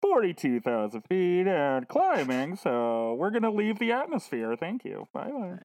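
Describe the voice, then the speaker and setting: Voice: mid-range voice, huge pitch swings, unhurried, darkish tone. A podcaster doing a breezy airline pilot. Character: airline pilot making a cabin announcement.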